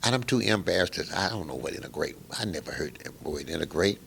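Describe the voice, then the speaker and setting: An older man telling a long story in an interview, animated and acting out the other people's lines. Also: low-pitched, quick pace, creaky, a little hiss or hum. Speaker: guest musician.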